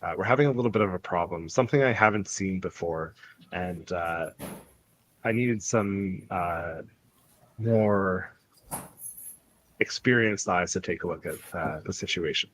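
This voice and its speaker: A man's voice: low-pitched, unhurried, long pauses, a bit bright, slight background noise. A man voicing a polite, slightly wry male ranger who hires adventurers in a tabletop game.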